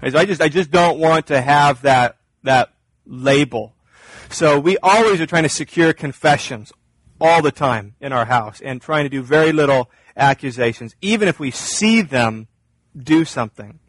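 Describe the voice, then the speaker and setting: A man's voice: on the high side, lively intonation, normal speed, fairly bright tone, no echo, low-quality recording. A middle-aged man teaching a parenting class in a conversational way, often repeating words and acting out talks with his sons. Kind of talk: informal teaching talk.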